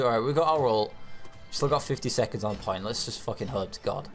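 Swearing young gamer commentating a match. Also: male voice, on the low side, fairly quick, faint music behind. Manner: frustrated, swearing, talks at his team. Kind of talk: live gameplay commentary.

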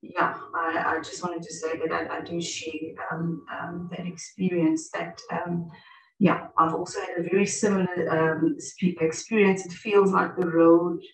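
A woman's voice: lowish voice, flat delivery, a little slow, vocal fry, crowd noise. Distant woman on a laptop. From South Africa. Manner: hesitant, with many restarts. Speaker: guest speaker. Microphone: laptop on a video call. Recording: roomy, distant laptop mic.

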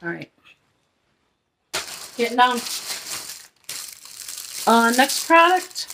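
A woman's voice: a little high, lively intonation, takes it slowly, pauses often, sharp tone, slight background noise. A woman vlogger chatting her way through a haul review, frank and rambling.

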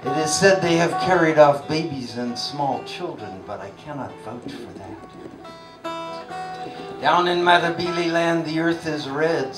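A man performing a folk song, chanting a slow refrain and speaking storytelling verses between the sung parts. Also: medium pitch. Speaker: folk singer. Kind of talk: folk song with spoken interludes. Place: live folk venue. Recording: roomy live recording, distant mic, guitar behind. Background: guitar accompaniment.

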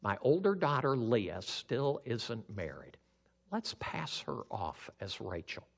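A pastor doing a sly old schemer. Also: male voice, medium pitch, big pitch swings, slow pace, creaky, husky, full character voice. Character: crafty older father-in-law, sly. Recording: long hall reverb.

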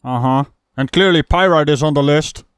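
A man's voice: a little high, normal speed, smooth, no room sound. A man hosting a comedic reaction commentary, mocking what he watches with sarcastic asides. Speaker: host reacting to a video.

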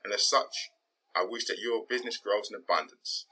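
A man's voice: fairly low pitch, normal speed, background noise. A man, middle-aged, talking bluntly in a casual podcast monologue and swearing for emphasis. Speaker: podcast host.

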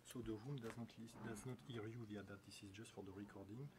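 A man with a French accent talks casually and practically about the room setup before a lecture. Loud background noise runs under his voice throughout. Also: on the low side, steady tone, quick pace, far from the mic. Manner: practical, explaining.

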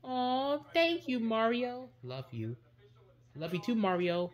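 A woman's voice: on the high side, sing-song, takes it slowly, pitched above the performer's own voice. A woman voicing Luigi, a friendly, agreeable male plumber brother, in a kids' toy play video. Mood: sweet.

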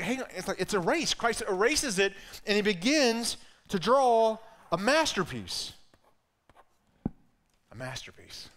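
A man's voice: very high-pitched, sharp tone. A man with an Alabama accent preaching a sermon in an earnest way, often repeating words as he builds a point. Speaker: pastor.

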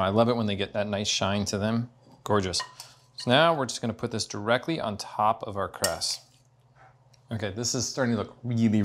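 A man's voice: lowish voice, fairly bright tone, slight background noise. A man, a test cook, giving an enthusiastic step-by-step cooking demonstration in a home kitchen. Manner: enthusiastic, upbeat, step-by-step explaining.

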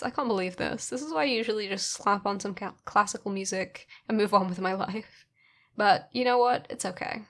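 A sleepy woman talks slowly through her painting process in a relaxed voice-over. Her voice sits at an ordinary middle pitch, and she keeps the commentary playful and teasing toward herself. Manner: playful, self-mocking, chatty. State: sleepy, recently woken. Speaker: artist narrating her painting.

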